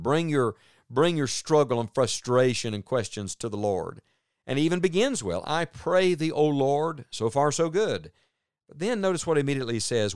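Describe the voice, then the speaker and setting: A man's voice: mid-range voice, no room sound, clean studio sound. A man teaching from the Bible on a radio program, reading verses aloud and explaining them in an earnest, pastoral way. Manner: earnest, reads scripture aloud then explains it.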